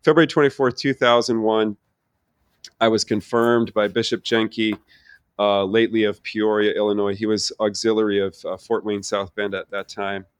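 A man's voice: fairly low pitch, normal speed, clear, resonant tone, no room sound. Earnest man telling his story, dry sound. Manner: earnest, animated storytelling with frequent restarts. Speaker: theology professor and guest. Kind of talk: conversational personal testimony.

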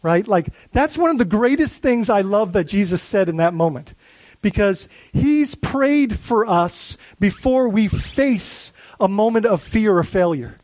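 A man's voice: sits high, lively intonation, a little slow, a little mellow, no echo, lo-fi sound. A man preaching as a pastor, earnest, asking rhetorical questions and often restarting his sentences. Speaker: lead pastor. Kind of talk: sermon.

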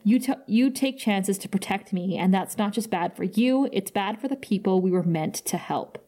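A woman's voice: medium pitch, normal speed, dark tone, natural voice. Woman reading brooding hero's lines, no real voice put on. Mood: solemn. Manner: read-out lines, little change of voice.

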